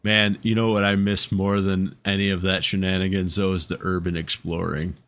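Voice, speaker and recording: A man's voice: low voice, level tone, normal speed, fairly bright tone. A man co-hosting a podcast, chatting casually with heavy swearing and frequent laughter. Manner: profane, laughs often. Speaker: podcast co-host.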